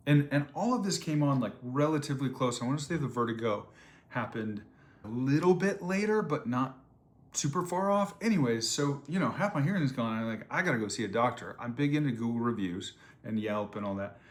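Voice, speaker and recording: A man's voice: mid-range voice, animated, brisk. A man in his twenties telling a personal story to camera on a trip, rambling with lots of fillers and repeated words. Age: 20s. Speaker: vlogger. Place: on a surf trip. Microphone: phone or camera, quickly made video.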